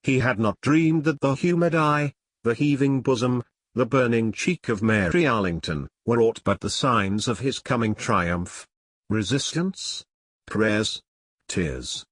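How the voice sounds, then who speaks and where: A man narrating an old novel as an audiobook in a steady, measured way. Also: mid-range voice, dry recording, clean studio sound.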